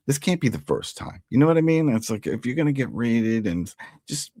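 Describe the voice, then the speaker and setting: An adult man who was once an altar boy hosts a TV recap, talking casually and animatedly while acting out characters' lines in quotes. His mid-range voice moves fairly quickly, and the studio-quality recording has no echo.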